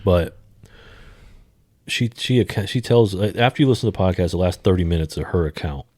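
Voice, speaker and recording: Deep-voiced profane man on a podcast. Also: moderate pace, no room sound, studio quality. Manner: profane, swings from mumbling to loud bursts. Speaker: podcast co-host. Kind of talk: casual podcast chat.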